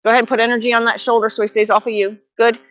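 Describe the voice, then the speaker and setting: A woman with a fairly high voice coaches a student through groundwork with a horse. She gives steady, patient directions and quick bursts of praise. The sound is dry and close, with little room echo. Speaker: horsemanship instructor.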